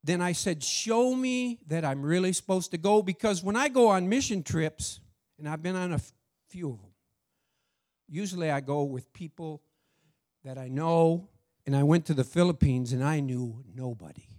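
A middle-aged man telling a church testimony story, acting out the dialogue with lively feeling. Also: on the high side, normal speed. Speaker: church speaker sharing a testimony.

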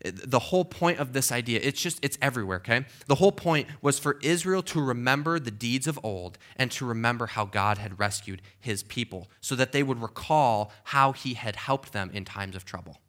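A man's voice: medium pitch, expressive, normal speed, hardly any pauses, a bit bright. A man preaching a sermon as pastor in a church, conversational and emphatic, often checking in with the congregation. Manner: conversational, emphatic, with frequent okays and restarts.

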